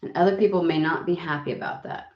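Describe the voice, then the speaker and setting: Casual tarot reader, a woman, sniffly and rambling, lower pitch, echoey room. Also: steady tone, fast. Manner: rambling, swearing, many fillers. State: recovering voice, sniffly. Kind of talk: casual chat and card reading. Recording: roomy, dull lo-fi sound.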